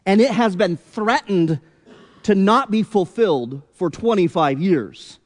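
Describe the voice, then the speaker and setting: A man preaching a sermon as pastor, deliberate and emphatic, with rhetorical questions. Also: high voice, animated, big-room sound.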